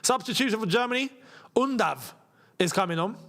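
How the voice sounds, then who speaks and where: Young guy doing a footy watchalong, high voice, gets loud and excited at every chance. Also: fairly quick. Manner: excitable, chatty, reacts loudly to chances. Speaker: football channel host. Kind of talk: live match watchalong chat.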